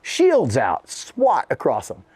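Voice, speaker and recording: A man in his fifties with a slightly high voice spins a profane, animated story as an interview guest. He acts out the people in it and laughs often. The sound is dry and close, with no room echo. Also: slow, slightly rough. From United States.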